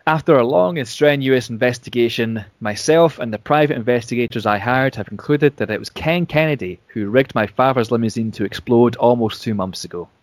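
A man's voice: mid-range voice, a little fast, hardly any pauses, no room sound, natural voice. A man reading out a wrestling executive's formal statement in a plain, announcement-like way.

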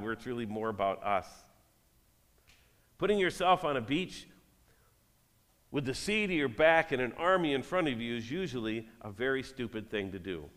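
A man's voice: mid-range voice, a bit bright, big-room sound. A man, a pastor, giving a sermon. He reads scripture aloud and then speaks directly to the congregation.

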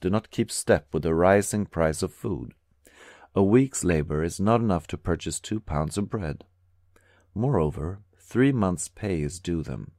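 A man reading a historical memoir aloud in a steady, measured narration. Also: deep voice, no room sound, clean studio sound. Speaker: audiobook reader. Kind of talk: scripted narration.

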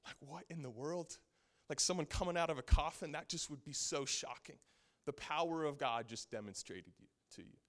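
Animated young-sounding male preacher. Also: on the high side, normal speed. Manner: animated, casual storytelling with frequent "like". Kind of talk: sermon.

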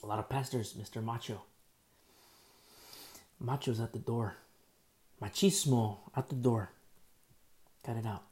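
A man preaching a sermon as pastor, animated and acting out people in the story. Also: mid-range voice, measured pace, pauses often.

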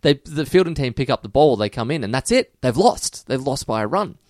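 An Australian man chats on a podcast in a middle-pitched voice that rises and falls with real liveliness as he spins a joke. The sound is close and dry, with no room around it. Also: fairly quick, dry recording. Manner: animated joke-telling, swinging pitch up and down. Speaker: podcast co-host. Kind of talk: casual podcast chat.

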